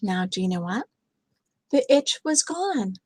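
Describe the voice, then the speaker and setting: An older woman reading a picture book aloud to her grandchildren, gentle and chatty, with lots of little asides. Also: medium pitch, sing-song, unhurried, no room sound, low-quality recording.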